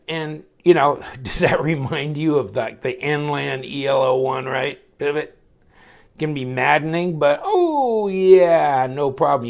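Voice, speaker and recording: Gravelly, excitable man reviewing a knife. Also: fairly high pitch. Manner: rambling, excitable, talks to viewers while handling the knife. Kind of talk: casual product review.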